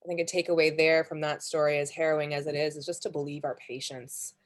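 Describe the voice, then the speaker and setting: A woman moderating a session, speaking in a measured, thoughtful way. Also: sits low, flat delivery. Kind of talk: reflective discussion.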